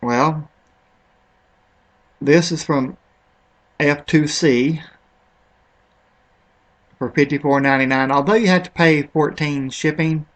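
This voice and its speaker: This man's voice sits fairly high and bright, steady in tone, and he speaks slowly with frequent pauses. Over a product comparison he rambles casually in a screen-recorded commentary, sounding unsure of certain pronunciations.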